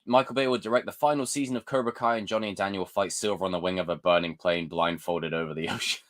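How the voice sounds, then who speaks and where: Man, young, live-stream chat, excitable and sweary, bright forceful voice. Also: sits low, fast talker.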